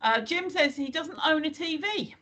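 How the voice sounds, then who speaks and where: A woman's voice: high voice, animated, moderate pace, fairly bright tone. A woman in her fifties or sixties, co-hosting a livestream in a chatty way, reacting to the others and reading out viewer comments. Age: 50s-60s. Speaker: livestream co-host. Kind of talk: casual chat.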